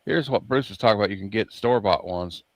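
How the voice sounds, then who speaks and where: A man's voice: lowish voice, fast, dry recording. Easygoing man hosting a casual chat. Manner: easygoing, narrates what is on screen. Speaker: host. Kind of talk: casual chat while showing videos.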